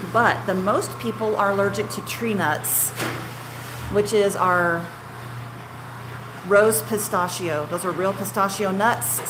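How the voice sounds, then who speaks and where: Casting note: self-deprecating candy-maker woman with a rambling, conversational delivery, mid-pitched voice, recorded over a steady hum of background noise. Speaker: small-batch marshmallow maker and shop owner. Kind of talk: casual chatty storytelling while working. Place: candy kitchen while cutting marshmallows.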